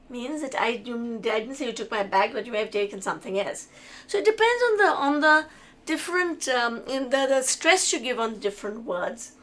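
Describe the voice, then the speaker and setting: A woman's voice: high-pitched, fairly bright tone. A middle-aged woman, giving a conversational lecture. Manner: conversational, with restarts and examples. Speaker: lecturer on autism.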